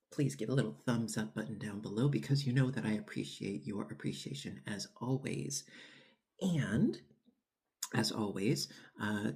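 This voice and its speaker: A lowish, gravelly voice with a darkish tone belongs to a man running a home baking channel. Between bites of bread that he clearly relishes, he talks in a loose cooking-vlog way, rambling with frequent fillers and restarts.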